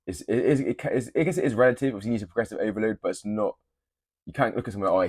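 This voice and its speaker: Young man, blunt and cheeky, lower register, dry close-miked read. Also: very fast, a little mellow, slightly rough, dry recording. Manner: blunt, swearing, teasing. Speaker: fitness creator. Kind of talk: casual gym tips to camera.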